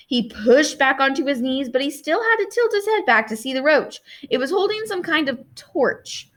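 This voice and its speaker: A woman reading a novel aloud like a teacher, expressive, stopping for chatty asides to her listeners. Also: on the high side.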